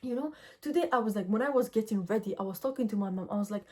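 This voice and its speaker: A woman's voice: mid-range voice, very fast. A young adult woman vlogging straight to camera, giving earnest, direct self-help talk and telling everyday stories with energy. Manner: earnest, direct, lively storytelling. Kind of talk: casual motivational talk to camera.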